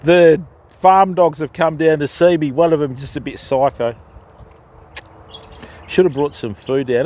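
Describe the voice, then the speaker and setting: A man's voice: fairly high pitch, moderate pace, long pauses, darkish tone. A man with an Australian accent hosting a fishing livestream from a campsite, chatting casually with his viewers. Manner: easygoing, chatty, laid-back Aussie banter. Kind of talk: casual live chat with viewers. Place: outdoors at a riverside campsite.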